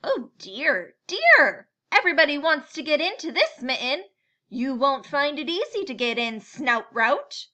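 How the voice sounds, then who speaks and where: A woman voicing a group of small, timid woodland animals answering in a slow sing-song in a storybook reading. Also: high voice, very animated, fairly bright tone, exaggerated voice. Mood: fretful.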